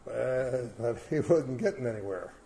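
Mellow-voiced man telling a church story. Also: medium pitch, expressive, normal speed, creaky, slight background noise, low-quality recording. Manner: plain, folksy storytelling with fillers. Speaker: guest speaker in church. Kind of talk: sermon with storytelling.

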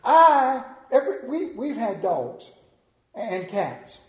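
A man preaching a sermon in an emotional, halting way, often repeating his words as he gets carried away. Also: very high-pitched, big pitch swings, roomy sound.

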